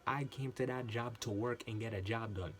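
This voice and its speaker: A man telling a workplace story in a casual, animated monologue, often repeating himself for emphasis and swearing. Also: medium pitch, moderate pace. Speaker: channel host.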